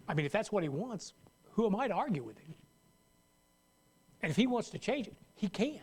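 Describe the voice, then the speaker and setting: A man's voice: sits high, very animated, a little fast, pauses often, darkish tone, breathy edge. A man preaching a sermon as pastor, talking conversationally and acting out worried voices. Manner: conversational, acts out worried voices, laughs at own jokes.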